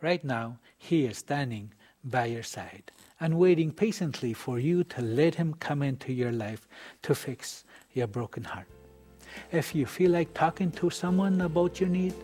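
A man hosting a Christian program, speaking softly and pastorally straight to the viewer. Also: fairly high pitch, expressive, measured pace, soft background music. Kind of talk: gentle sermon-like address to viewers.

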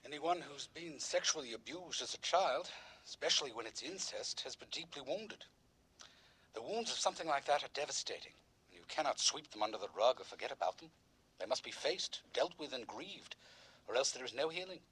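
Brief: a measured, earnest radio psychologist, slightly husky, mid pitch. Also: male voice, lively intonation, a bit bright, rough recording. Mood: grave. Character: calm male radio psychologist, grave. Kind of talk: radio drama acting.

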